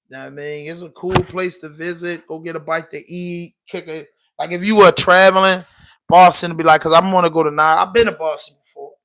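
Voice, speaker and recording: Man, podcast host, loose casual chat, slightly high voice, forceful bright tone. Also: a little hiss or hum, low-quality recording. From Baltimore. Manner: loose, emphatic, peppered with "you know what I'm saying".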